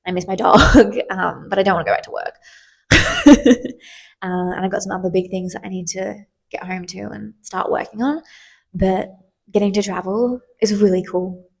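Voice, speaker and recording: Talking at a moderate pace with vocal fry and a slightly rough, medium-pitched voice, a twenty-something woman chats on her solo podcast. She is candid and chatty, full of fillers and casual profanity.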